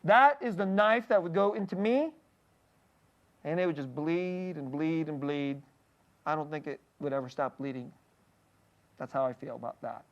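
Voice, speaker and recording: Candid pastor preaching, halting delivery. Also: male voice, on the high side, muffled recording. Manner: candid and personal, often checks in with a quick "okay?"; halting, restarting phrases mid-thought. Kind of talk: conversational sermon.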